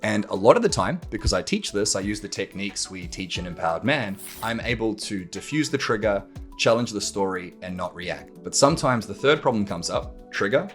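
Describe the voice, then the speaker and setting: A man's voice: on the low side, lively intonation, fairly quick, a bit bright, soft background music. A man hosting a podcast, talking straight to the listener in a blunt manner, swearing freely and acting out arguments. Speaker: podcast host. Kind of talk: monologue to camera.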